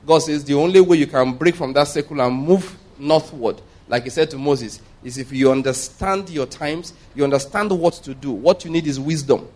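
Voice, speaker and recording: A man preaching a sermon, emphatic and repetitive, often pausing to ask the audience rhetorical questions. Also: fairly high pitch, a little mellow.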